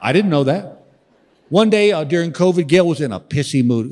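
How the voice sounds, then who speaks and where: Animated man in his sixties, stand-up. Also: fairly high pitch, fairly quick. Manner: drawling storyteller, exasperated punchlines. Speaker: stand-up comedian. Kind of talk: stand-up comedy set. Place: large theater stage. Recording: reverberant hall with faint ambience.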